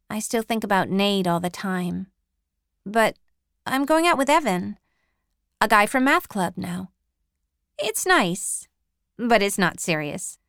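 Female audiobook narrator, measured first-person reading, unhurried, dry studio. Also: medium pitch, a bit bright, smooth, dry recording.

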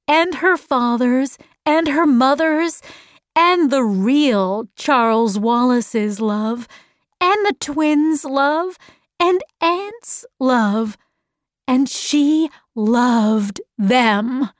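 Woman reading a learner storybook, very slow, high voice, dry studio sound. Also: no room sound. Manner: slow, clearly enunciated. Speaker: audiobook narrator. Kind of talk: scripted narration of a graded reader.

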